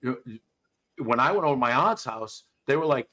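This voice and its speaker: A man hosting a podcast, talking in a blunt, profane, animated way as he tells stories in casual chat. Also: medium pitch, brisk. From US South. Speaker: podcast host, dog trainer.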